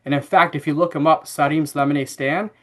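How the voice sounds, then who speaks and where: A man in his thirties telling a family story as a podcast guest, relaxed and chatty with fillers. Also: fairly high pitch, fairly quick. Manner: animated anecdote-telling with frequent fillers and laughs. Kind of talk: casual interview storytelling.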